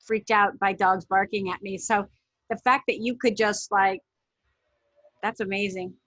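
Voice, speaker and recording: Bright-voiced older woman interviewing her sister. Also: medium pitch, fairly even intonation, measured pace, dry recording, lo-fi sound. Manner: chatty, supportive, with easy laughs. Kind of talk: casual family interview.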